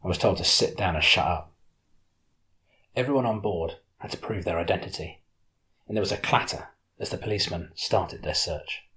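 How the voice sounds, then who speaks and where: A man narrating an audiobook in the first person with steady storytelling. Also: deep voice, moderate pace, long pauses.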